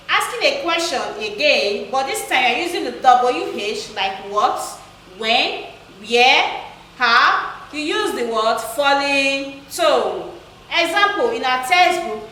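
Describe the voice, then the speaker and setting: A woman teacher giving a slow, repetitive recorded English lesson. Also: high voice, sharp tone, a little hiss or hum. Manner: slow, repetitive, instructional, repeats key phrases. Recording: echoey room, voice from far off.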